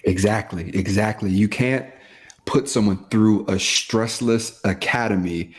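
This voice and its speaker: A man with a fairly low voice talking on a podcast. He is emphatic and quick to agree, and he hammers his points home by repeating them in casual, plain speech. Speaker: podcast co-host and police officer. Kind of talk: casual chat.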